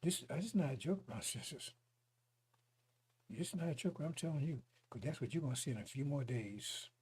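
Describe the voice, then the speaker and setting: A man's voice: fairly high pitch, expressive, fast, a little mellow, breathy edge. A male preacher delivering a fiery broadcast sermon, mocking and chuckling between his points.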